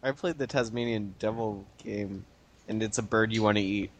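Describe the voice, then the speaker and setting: A man co-hosting a casual chat, cracking dry jokes and quick quips. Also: fairly low pitch, a little hiss or hum.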